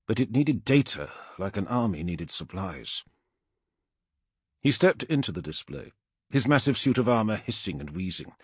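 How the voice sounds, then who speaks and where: A man narrates an audiobook in a dramatic, expressive way. His voice is low and husky, and its pitch rises and falls with lively swings. It is recorded close and dry, with no room sound. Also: no echo.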